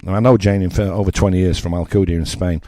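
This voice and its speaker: A low-voiced older Englishman with a Yorkshire accent hosts his radio slot, blunt and mocking as he talks straight to listeners. His tone is dark and mellow, and the recording is close and dry with no room sound. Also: steady tone, fast talker, dry recording. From England. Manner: blunt, mocking, conversational with asides. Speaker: radio presenter. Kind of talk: opinionated radio monologue.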